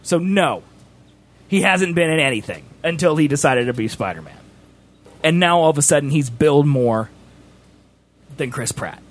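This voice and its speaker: A man's voice: a little high, moderate pace, long pauses. A man hosting a stream, chatting casually and teasing his friend, talking over him. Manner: animated, teasing, talks over others. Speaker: streamer host. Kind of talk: casual chat.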